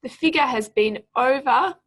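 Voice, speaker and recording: A young adult woman teaching as a speaking tutor, explaining pauses and stress and reading a passage aloud clearly and deliberately. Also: sits high. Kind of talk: exam prep lesson.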